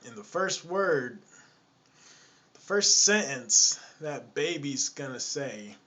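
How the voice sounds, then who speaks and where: A man's voice: medium pitch, big pitch swings, slow, pushed and bright. Exasperated man telling a casual story. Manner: exasperated, repetitive, chatty. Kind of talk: casual anecdote.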